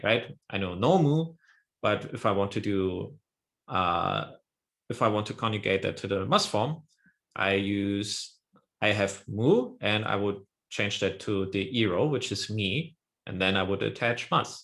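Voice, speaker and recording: A man leads a language lesson in a low, slightly gravelly voice. He explains rules step by step and often checks that his student follows. His pace is slow and unhurried throughout. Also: animated, fairly bright tone. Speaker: Japanese teacher.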